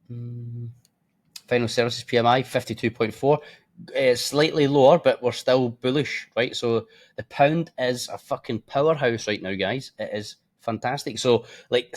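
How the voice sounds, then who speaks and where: A tired man giving casual, blunt market commentary as a forex trading presenter. He swears freely, keeps yawning and makes offhand asides. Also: mid-range voice.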